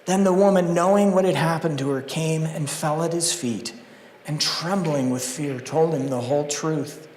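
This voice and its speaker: A male pastor preaching a sermon in a church, animated and acting out the story in character voices. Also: a little high, normal speed, roomy sound, in a large hall, a little hiss or hum, rough recording. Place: church sanctuary.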